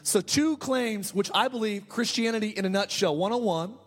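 Man, pastor, sermon, high voice, rhetorical questions, repeats phrases. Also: normal speed, faint music behind. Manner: preaching with rhetorical questions and repetition.

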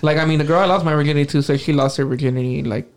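A man's voice: a little high, steady tone, faint music behind. A young man co-hosting a podcast, teasing his friends in casual chat and acting out quotes. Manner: joking, teasing, laughing, quick to act out voices. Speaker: podcast co-host.

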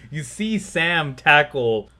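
Animated, bright-voiced male co-host. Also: fairly high pitch, slow. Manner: animated retelling, laughs often, acts out scenes. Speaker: podcast co-host. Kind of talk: casual chat recapping a film.

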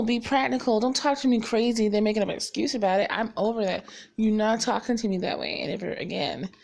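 Blunt, swearing young woman vlogger. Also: fairly high pitch. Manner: blunt, swearing, animated, many "like" fillers. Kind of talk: casual storytelling chat.

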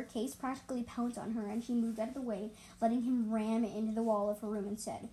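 A woman's voice: a little high, fairly even intonation, a little fast, few pauses, a little mellow, a little hiss or hum, poor audio. A woman reading a fantasy story aloud, stumbling and correcting herself as she goes. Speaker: story reader. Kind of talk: reading her own fan story aloud.

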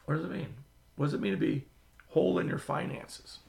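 A man preaching a sermon as the pastor, telling stories with sudden drops to a whisper and swells of loudness. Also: a little high, fairly quick, gravelly. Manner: animated storytelling, drops to a whisper and swells loud.

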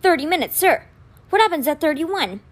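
A woman's voice: extremely high pitch, big pitch swings, moderate pace, pitched above the performer's own voice. A woman reading aloud, voicing a cold, ambitious young male official who speaks curtly in a storybook. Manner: curt, clipped.

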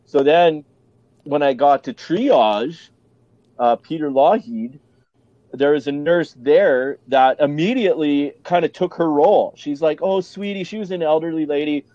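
A man's voice: fairly high pitch, unhurried, dark tone, no echo, highs cut off. A man with a Canadian accent, a podcast guest telling his story bluntly and candidly, swearing freely and restarting often.

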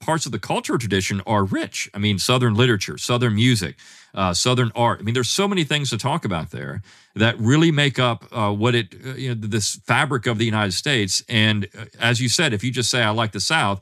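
A man speaking as a guest historian in a podcast interview, animated, with frequent restarts and fillers. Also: mid-range voice, no room sound, studio quality.

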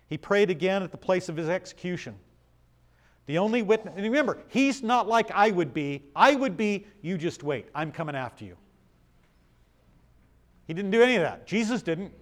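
A man preaching a Bible study sermon, reading passages aloud and asking his listeners questions in a conversational way. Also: high-pitched. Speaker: pastor.

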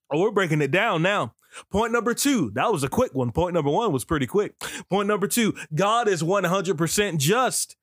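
A man preaching with an energetic, exclamatory cadence, now and then leaping into sudden high whoops. His voice sits a little high for a man. The sound is dry and close, with no room around it. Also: dry recording. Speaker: preacher and podcast host.

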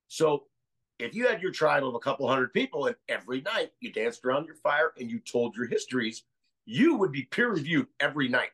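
A man's voice: mid-range voice, a bit bright, low-quality recording. An American man as a podcast guest, talking casually and rambling through ideas with many restarts. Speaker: guest researcher.

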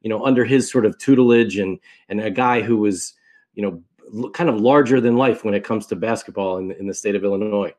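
A man hosting an interview, asking questions with hesitant pauses. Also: fairly low pitch, darkish tone. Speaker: host.

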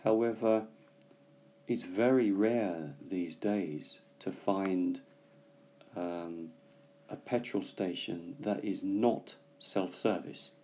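Slow, low-voiced man teaching English. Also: mellow. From Britain. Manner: slow, careful explanations with hesitations. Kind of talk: bilingual language lesson.

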